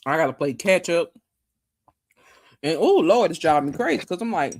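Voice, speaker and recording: Woman host rambling to her chat on a stream, lively up and down voice, chatty. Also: deep voice, normal speed. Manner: chatty and animated, talking to chat. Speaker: livestream host. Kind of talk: casual livestream chat.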